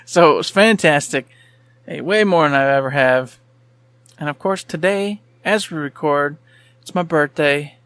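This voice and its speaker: A man's voice: fairly high pitch, unhurried, fairly bright tone, smooth, no room sound. A man in his thirties co-hosting a casual podcast chat, laid-back and laughing often. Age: 30s. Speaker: podcast co-host.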